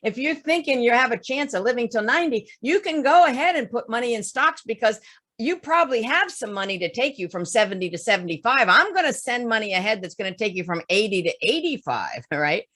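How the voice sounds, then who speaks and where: A woman financial advisor giving a webinar talk, explaining investing with lively stories and everyday examples. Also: on the high side, brisk. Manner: animated storytelling with folksy examples.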